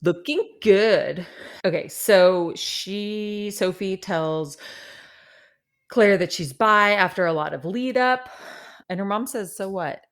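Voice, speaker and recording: A woman co-hosting a podcast, chatting casually about a reality show with quick jokey asides and frequent laughter. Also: medium pitch. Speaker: podcast co-host.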